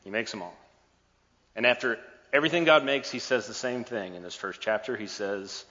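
A man delivers a sermon as a playful, joking storyteller. His voice is bright and forceful, with a long hall echo. The recording is a bit dull. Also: lowish voice, normal speed. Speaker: preacher. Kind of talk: sermon retelling a scripture story.

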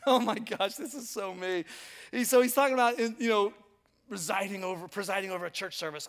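A man in his fifties preaching a sermon in a church auditorium, with a conversational, self-mocking delivery. His voice sits high for a man. The voice rings with long hall reverb. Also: lively intonation, brisk, fairly bright tone. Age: 50s. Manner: conversational and self-mocking, addresses congregation directly. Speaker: pastor.

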